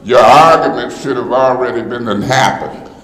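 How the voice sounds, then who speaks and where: A man's voice: medium pitch, moderate pace, fairly bright tone. A man speaking as a city council member in a heated public meeting, confrontational and indignant, often hollering his points. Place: council chamber. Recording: echoey council chamber with long reverb.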